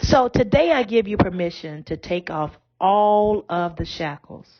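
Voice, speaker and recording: A woman's voice: mid-range voice, lively intonation, measured pace, muffled recording. A woman bishop giving a podcast sermon in a conversational, down-to-earth way.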